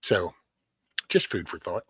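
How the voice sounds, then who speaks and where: A middle-aged man hosts his own live stream, rambling along and greeting viewers by name. His voice is husky and sits low, and the sound is close and dry with no room echo. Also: sing-song, slow pace, a bit bright. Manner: rambling, talks to chat by name. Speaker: livestream host. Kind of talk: casual live-stream chat.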